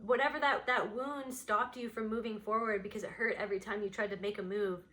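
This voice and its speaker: A woman's voice: medium pitch, fairly even intonation, a little fast, bright, forceful tone. A woman giving an unscripted pick-a-card reading, speaking in a meandering, intuitive way and voicing her impressions as they come. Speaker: tarot card reader.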